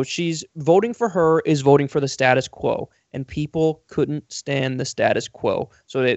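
A male political talk host, sarcastic and profane as he tears into his targets. His voice sits a bit high for a man. The audio is dry and slightly muffled, with no room around it. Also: dry recording. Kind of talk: political commentary talk show.

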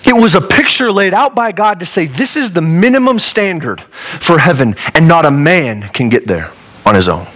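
A man from Colorado preaching a sermon as a pastor, earnest and conversational, with humorous asides and wide swings in pitch and loudness. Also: expressive, moderate pace. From Colorado, USA.

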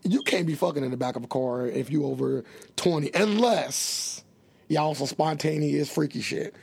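Boisterous male podcast co-host with a gravelly, husky tone and rowdy humor. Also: fairly high pitch, normal speed, darkish tone. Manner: boisterous, crude joking, laughs often. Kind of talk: casual podcast chat.

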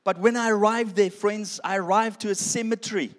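A man's voice: sits high, steady tone, a little fast, hardly any pauses. A man giving a sermon testimony, telling his story with self-deprecating humor and calling his listeners friends. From South Africa. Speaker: preacher. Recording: long hall reverb.

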